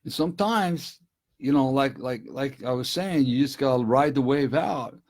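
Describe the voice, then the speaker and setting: A man's voice: mid-range voice, animated, moderate pace. A middle-aged man speaking earnestly and directly to listeners on a casual live stream from his desk at home. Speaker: recovery speaker.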